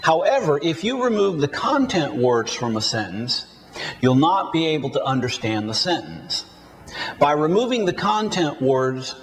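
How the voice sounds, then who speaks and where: Slow, clear-spoken male English teacher. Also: on the high side. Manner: clearly enunciated, drills words for repetition. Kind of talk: slow, deliberate lesson narration.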